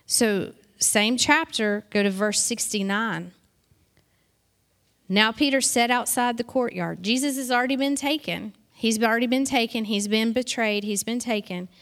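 A woman with a somewhat high voice leads an informal Bible study. She reads passages aloud, then explains them in plain, conversational talk, slipping into quick acted asides. She sounds middle-aged. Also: fairly bright tone. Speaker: Bible teacher.

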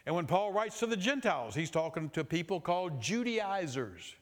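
Guy preaching a sermon, casual folksy way of putting things, pitch jumps around a lot. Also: fairly quick, few pauses. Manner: folksy, animated preaching with paraphrased quotes. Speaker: pastor.

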